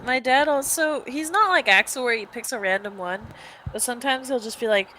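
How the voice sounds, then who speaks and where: A young woman with a bright, sharp tone and a somewhat high voice chats on a podcast. She rambles through stories and laughs often, over a faint hiss. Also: brisk, rough recording. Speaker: podcast co-host. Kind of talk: casual chat.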